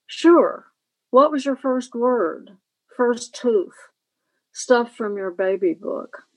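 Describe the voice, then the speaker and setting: A woman's voice: on the high side, animated, slow, pitched above the performer's own voice, low-quality recording. A woman reading as a flirty college guy. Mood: teasing. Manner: eager, curious questions.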